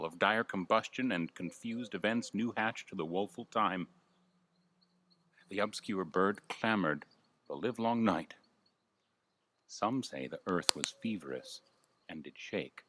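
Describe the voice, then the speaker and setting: An actor playing a nobleman who grimly recounts a stormy night, in measured Shakespearean stage style. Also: deep voice, expressive, pushed and bright, full character voice. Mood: ominous.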